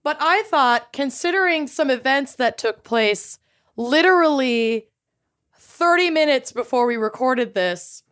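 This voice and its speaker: A woman's voice: sits high, lively intonation, measured pace, a bit bright, smooth. A woman co-hosting a casual podcast chat, playful and jokey. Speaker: podcast co-host.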